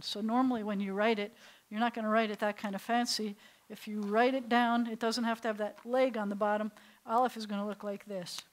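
A middle-aged woman rabbi teaching a beginners' Hebrew class, patient and playful, slowly sounding out syllables for students. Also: a little high, poor audio. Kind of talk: classroom language lesson.

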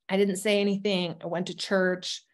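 A woman's voice: mid-range voice, level tone, moderate pace. A woman telling her own life story as a guest, speaking candidly and earnestly, with frequent ums and restarts. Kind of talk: personal testimony.

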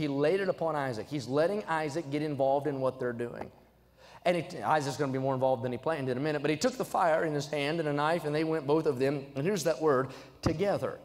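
A young adult man preaching a sermon, swinging from quiet asides to loud, emphatic exhortation. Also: fairly high pitch. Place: church sanctuary. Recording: church sanctuary with long reverb.

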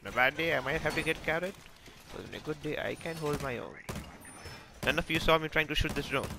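A man hosting a gaming channel, giving live, excitable and self-mocking commentary as he plays, talking to teammates and enemies. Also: on the high side, fairly quick, background noise.

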